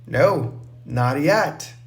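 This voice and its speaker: Calm teasing young woman friend, slow storybook reading, voiced by a man. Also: fairly high pitch. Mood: reassuring.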